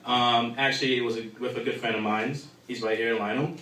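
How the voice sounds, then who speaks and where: A man's voice: mid-range voice, steady tone, fairly quick, bright, forceful tone. A young man doing a crude, rambling stand-up set full of fillers at a live comedy show in a bar. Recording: echoey room from far off.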